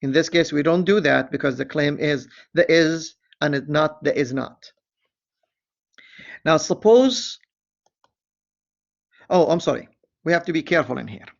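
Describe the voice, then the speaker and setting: Male teacher, slightly high and gravelly, deliberate lecture delivery with self-corrections, lo-fi recording. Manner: deliberate, reads problem aloud, self-correcting asides. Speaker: statistics teacher. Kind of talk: screen-recorded lecture walkthrough.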